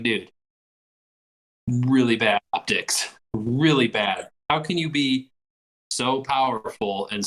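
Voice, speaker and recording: A man's voice: mid-range voice, a bit bright. A man co-hosting a casual podcast chat, blunt and opinionated, swearing freely. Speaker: podcast co-host.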